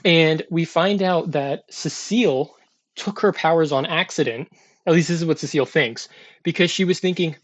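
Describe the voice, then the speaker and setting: A man's voice: on the high side, normal speed. A man casually recapping a TV episode in a chatty, loose way, with lots of fillers and restarts. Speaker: TV episode reviewer.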